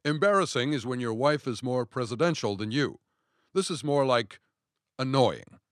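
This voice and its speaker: A man's voice: medium pitch, animated, moderate pace, dry recording, studio quality, natural voice. A man doing a sarcastic impression of a male US president in a satirical puppet sketch. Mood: mocking.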